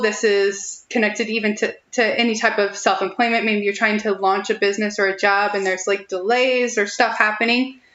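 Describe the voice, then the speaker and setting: A young woman with a fairly high voice gives a chatty, reassuring tarot reading on a live stream, laughing lightly between thoughts. Her voice carries a roomy echo and sounds a little muffled, as if it comes from a built-in mic. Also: a bit bright. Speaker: tarot reader.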